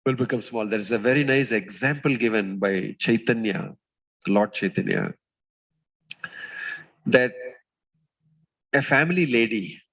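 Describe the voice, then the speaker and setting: A man giving a spiritual talk as a swami, telling stories in a community hall and pausing with "uh" as he goes. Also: lowish voice, fairly bright tone, highs cut off. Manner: storytelling, acts out quoted voices, pauses with "uh". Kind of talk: sermon.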